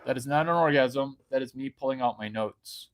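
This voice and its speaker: A man doing a brash stand-up monologue, jumping from hushed asides to sudden loud outbursts. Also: medium pitch, moderate pace. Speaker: comedian.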